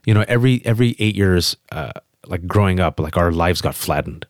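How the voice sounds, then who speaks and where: A man's voice: sits low, no room sound, clean studio sound. Emphatic man telling a personal story. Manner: emphatic, fast restarts, animated quotes. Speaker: guest on a podcast.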